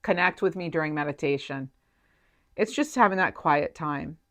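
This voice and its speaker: Woman with a low voice doing a tarot reading, talks off the cuff with lots of ums, gets emotional. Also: normal speed, a bit bright. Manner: chatty, emotional, thinks aloud with many fillers. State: near tears at moments. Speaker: tarot reader. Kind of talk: intuitive tarot reading to camera.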